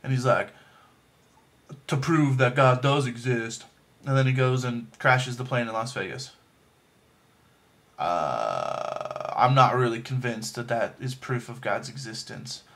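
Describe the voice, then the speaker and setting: A man's voice: mid-range voice, sing-song, measured pace, vocal fry, a bit bright. A man casually reviewing a movie, rambling with lots of fillers and restarts and making self-deprecating jokes. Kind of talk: casual chat.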